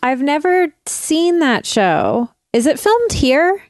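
A woman's voice: sits high, sing-song, slow, dry recording, clean studio sound. A woman co-hosting a podcast, chatting with jokes and rambling asides into a desk mic. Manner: joking, rambling. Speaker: podcast co-host. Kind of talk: casual podcast chat.

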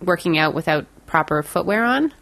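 A woman's voice: lowish voice, expressive, moderate pace, gravelly, fairly bright tone, dry recording. A woman, rambling through a story on a podcast, giggling often and putting on silly voices. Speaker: podcast co-host. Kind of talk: casual chat.

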